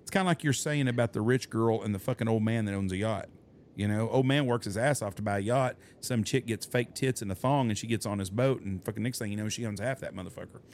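Fast-talking guy hosting a podcast, blunt and cussing a lot. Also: lowish voice, a little mellow, a little hiss or hum. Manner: blunt, ranting, swears a lot. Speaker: podcast host. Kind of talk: casual profane chat.

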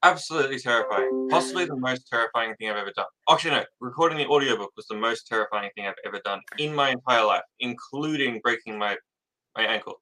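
A man's voice: medium pitch, fast talker, sharp tone, faint music behind, rough recording. A man talking as an author guest in a casual interview, jittery and rambling, laughing often and running his thoughts together.

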